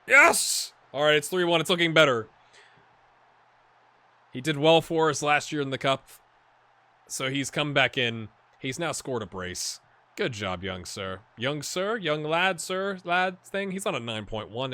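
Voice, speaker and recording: A man hosting a gaming video, chatting and reacting excitedly as he plays a football management game. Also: mid-range voice, no room sound. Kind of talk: live commentary while playing a football management game.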